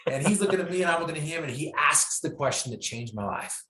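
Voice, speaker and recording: A man's voice: fairly high pitch, lively intonation, quick pace, bright, forceful tone. A man telling his story as a motivational speaker, emphatic and repeating key phrases for effect. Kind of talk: inspirational storytelling. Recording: echoey room.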